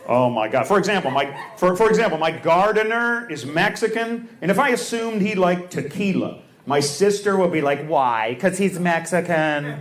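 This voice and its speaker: A man's voice: high voice, lively intonation, moderate pace, few pauses. A man doing stand-up comedy with crowd work on stage, talking in a blunt, teasing and provocative way. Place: stage before a live audience. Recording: loud background noise.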